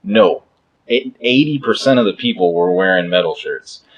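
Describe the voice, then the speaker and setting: A man's voice: low voice, lively intonation, moderate pace, muffled recording. A man telling stories in a casual podcast chat, swearing freely and laughing as he goes. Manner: profane, laughing storyteller.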